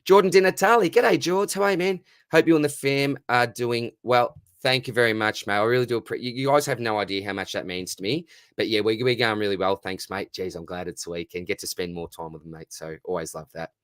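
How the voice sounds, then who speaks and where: A man's voice: on the low side, fairly even intonation, a little fast, hardly any pauses, a bit bright, no echo, clean studio sound. A man with an Australian accent hosting a casual live stream Q&A, reading out chat questions and answering them in a friendly, matey way.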